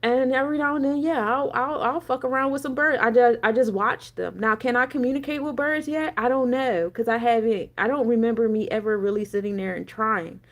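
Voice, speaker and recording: A woman in her thirties with a slightly high voice talks loosely on a livestream. She wanders from topic to topic, swears freely and laughs between thoughts. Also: a little fast, hardly any pauses. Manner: rambling, profane, laughing asides, answers chat. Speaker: energy coach and spiritual reader. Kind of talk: casual livestream chat.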